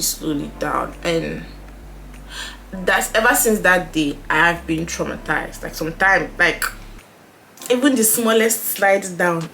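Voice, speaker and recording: A young woman telling a story in a casual, animated way while doing her makeup on camera, acting out the dialogue. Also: mid-range voice. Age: young adult. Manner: animated, dramatic retelling with quoted dialogue. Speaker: beauty vlogger.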